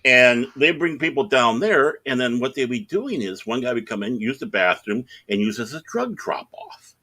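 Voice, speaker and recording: Animated, rambling man telling stories. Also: medium pitch, moderate pace. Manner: rambling, animated anecdotes with self-quotes and laughs. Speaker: podcast co-host. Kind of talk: casual storytelling chat.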